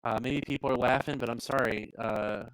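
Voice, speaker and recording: A man's voice: medium pitch, steady tone, brisk, a bit bright, clean tone, dry recording, rough recording. Playful young man, dry close sound. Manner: playful, self-mocking. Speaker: co-host. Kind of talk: casual live-stream chat.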